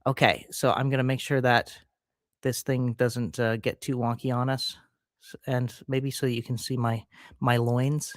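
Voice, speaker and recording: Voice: mid-range voice, flat delivery, unhurried. A musician guest on a video call, chatting in a rambling, self-deprecating way. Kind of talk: casual chat.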